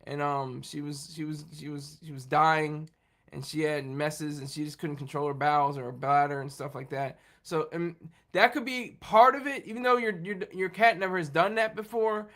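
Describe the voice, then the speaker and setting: A man with a high, bright voice hosts a casual livestream and talks straight to his viewers. He rambles, restarts his sentences and trips over his words as he goes. He sounds loose and unscripted. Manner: rambling, halting, with many restarts and laughs. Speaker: livestream host talking with viewers. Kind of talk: casual chat.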